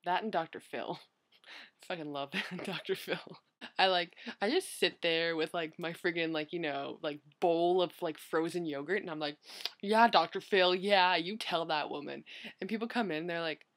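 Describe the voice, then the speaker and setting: A woman's voice: on the low side, moderate pace. A young woman vlogger chatting casually as she answers questions, rambling and filling her talk with "like" and "you know".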